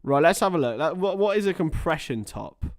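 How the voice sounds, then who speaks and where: A man's voice: on the high side, lively intonation, a little fast. A man giving casual, chatty live commentary on a football match while talking to his viewers. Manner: chatty, reacts to viewer chat between play-by-play.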